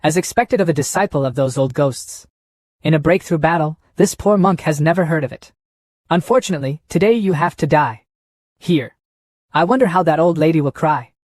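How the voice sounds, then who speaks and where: A man's voice: a little high, normal speed, a little mellow, dry recording, studio quality, lightly acted. A man voicing a scheming, boastful old male monk who talks in a mocking, gloating way.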